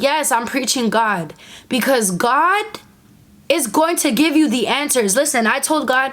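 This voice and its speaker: A woman's voice: high voice, moderate pace, fairly bright tone. A young woman talking candidly to her phone camera, giving emphatic, repetitive self-help advice and acting out quoted voices. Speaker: content creator.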